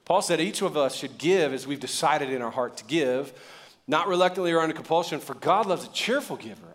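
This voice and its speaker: A male pastor with a fairly high voice delivers a sermon to his congregation. He talks like he's chatting with friends and drops in jokes, then leans into strong, emphatic lines. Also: animated, brisk. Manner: conversational, joking asides, rising to emphatic preaching.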